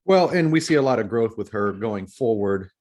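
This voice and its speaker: A man's voice: fairly low pitch, expressive, normal speed, darkish tone. A man co-hosting a casual book discussion podcast, reflective, asking questions and adding his own commentary. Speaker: podcast co-host.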